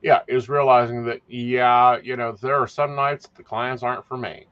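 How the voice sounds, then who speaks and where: A man's voice: medium pitch, flat delivery, moderate pace, clear, resonant tone, highs cut off. A man co-hosting a casual podcast chat, speaking bluntly and cursing freely. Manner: blunt, profane, plain-spoken. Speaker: psychic and podcast co-host.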